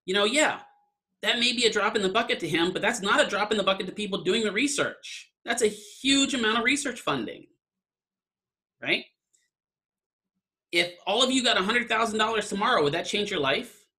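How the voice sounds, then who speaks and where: A man with a high, bright, forceful voice lectures an online class briskly and expressively. His style is casual and conversational, and he keeps checking in by asking "right?"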